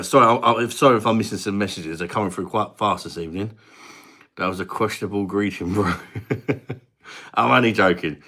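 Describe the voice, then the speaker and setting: Deep-voiced British man chatting on a live stream. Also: pushed and bright. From Britain. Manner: laughs often, banters, casual swearing. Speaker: live-stream beer reviewer. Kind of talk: casual live-stream chat.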